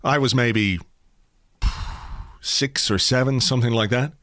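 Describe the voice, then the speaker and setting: A man's voice: medium pitch, measured pace, fairly bright tone, no room sound, clean studio sound. A middle-aged man hosting a podcast, chatting casually and telling stories with playful asides. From Ireland. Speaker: podcast host. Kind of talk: casual chat.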